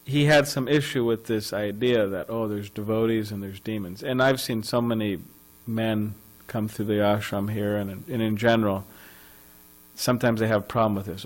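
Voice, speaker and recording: A man's voice: lowish voice, steady tone, moderate pace, poor audio. A man giving a scripture class in a temple ashram, talking in a loose, conversational way with chuckles and asides.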